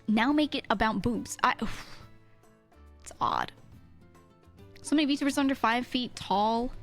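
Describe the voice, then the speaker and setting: A streamer, a woman with a mid-to-low register, chats quickly and casually with her viewers, cursing freely and laughing a lot. Faint music can be heard behind her.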